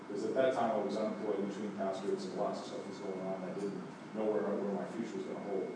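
Pastor preaching in an echoey room. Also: male voice, fairly low pitch, steady tone, fast, distant mic, noisy background. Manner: storytelling, swings from hushed to emphatic. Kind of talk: sermon.

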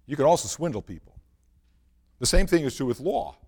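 A male pastor preaching a sermon built around a personal story, swinging from loud, animated passages to hushed, quiet ones. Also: a little high, fairly quick, husky. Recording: long reverb of a large hall.

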